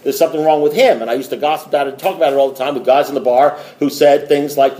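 A man's voice: a little high, steady tone, racing, hardly any pauses, mellow. A middle-aged man giving a blunt, rambling recovery talk to a group, swearing and repeating himself. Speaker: AA meeting speaker.

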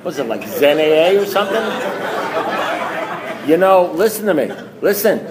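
A man sharing his recovery story at a meeting, telling it in an animated, self-mocking way with emphatic repetition. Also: sits high, moderate pace, a loud crowd, heavy background noise.

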